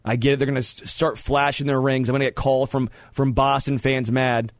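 Man, sports radio host, opinionated, stammering restarts, mid pitch, dry studio sound. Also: little pitch movement, a little fast, no room sound. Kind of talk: sports talk radio banter.

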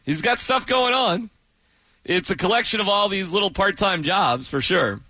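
A man co-hosting sports radio in a sarcastic, rambling, animated manner. His voice sits a little high and swings widely in pitch. It has a bright, forward tone and is recorded dry and close. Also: moderate pace, no room sound. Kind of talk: casual sports radio banter.

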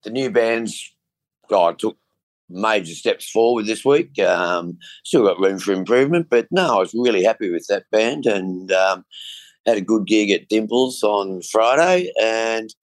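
Low-voiced rambling man. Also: animated, unhurried, no room sound. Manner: rambling, filler-heavy. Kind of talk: casual chat.

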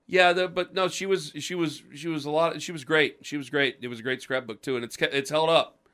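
Speaking into a podcast mic, this co-host has a slightly high, steady, somewhat bright voice and talks a little fast. He has a lingering cough and tells a rambling story in casual chat, restarting often and performing the voices he quotes.

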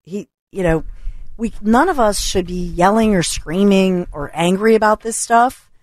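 A woman's voice: mid-range voice, unhurried, no echo, clean studio sound. A woman hosting a talk radio show, talking in a chatty, reassuring way with frequent restarts. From Philadelphia area. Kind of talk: casual talk radio monologue. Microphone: studio microphone.

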